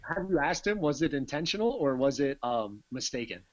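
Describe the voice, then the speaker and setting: A man's voice: medium pitch, sing-song, fairly quick, dry recording, muffled recording. A man hosting a podcast, reacting with profane jokes in casual chat. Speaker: podcast host. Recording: noisy podcast mic.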